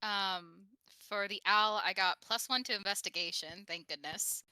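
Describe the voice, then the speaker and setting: Upbeat woman player, bright sharp voice, quick asides, dry close mic. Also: mid-range voice, smooth, no room sound, rough recording. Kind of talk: casual tabletop play.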